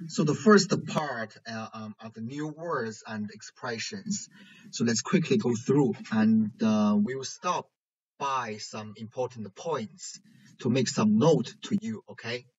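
A man teaching a language lesson in English, pausing often with fillers. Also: mid-range voice, darkish tone, husky. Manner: hesitant, many pauses and fillers. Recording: dull lo-fi recording.

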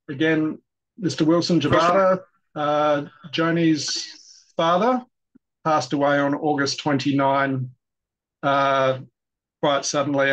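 A man's voice: medium pitch, a bit bright, muffled recording. A man hosting an event, giving an introduction in a hesitant way with many fillers. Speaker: event host and guest editor.

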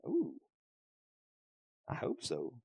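A middle-aged man preaching a sermon in a church, animated and joking with the congregation. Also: very slow, dry recording, highs cut off. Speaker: pastor. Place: church sanctuary.

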